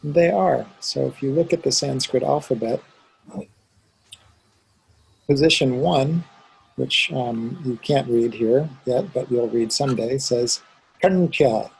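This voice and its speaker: A man's voice: medium pitch, slow, creaky, pauses often, slight background noise, poor audio. A man teaching a student one-on-one, patiently explaining and demonstrating sounds aloud. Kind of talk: one-on-one pronunciation lesson.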